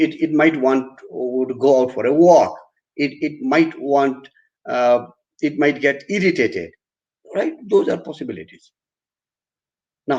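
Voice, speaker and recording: Indian man lecturing over lo-fi online audio. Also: medium pitch. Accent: Indian English. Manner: repetitive restarts, animated acted examples. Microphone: computer mic on a video call. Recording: dull lo-fi online class audio.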